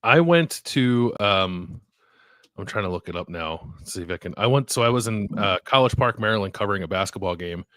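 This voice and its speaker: A man's voice: lowish voice, lively intonation, brisk, clean tone, no echo, clean studio sound. A man co-hosting a podcast, chatting casually and rambling with lots of fillers, trailing off at the ends of thoughts. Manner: rambling, heavy use of "like" and "uh", trails off softly. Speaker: podcast co-host. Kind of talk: casual chat.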